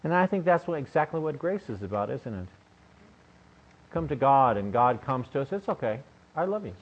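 A man's voice: mid-range voice, lively intonation, normal speed. An older man preaching a sermon in a conversational, joking way, often asking his listeners questions. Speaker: pastor. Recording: dull lo-fi recording.

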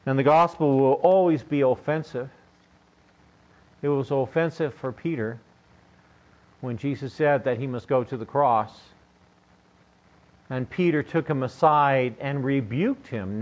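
A man's voice: medium pitch, unhurried, long pauses. An older man preaching a sermon in a conversational, joking way, often asking his listeners questions. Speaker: pastor. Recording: dull lo-fi recording.

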